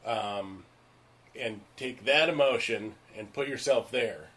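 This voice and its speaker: A man's voice: medium pitch, slow. A male actor telling stories in casual chat, frank and emphatic, acting out the voices of the people he talks about. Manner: animated, acts out the voices of people in his stories. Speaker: stage and screen actor.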